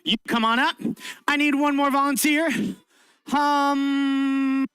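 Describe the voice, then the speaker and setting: A young man hosts a children's science show with bright enthusiasm, coaxing the kids to join in. His voice sits on the high side for a man. The sound is close and dry, with little room echo. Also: fairly quick. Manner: lively, encouraging, talks to a young audience. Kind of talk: interactive kids' science show and storytelling. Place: library event room.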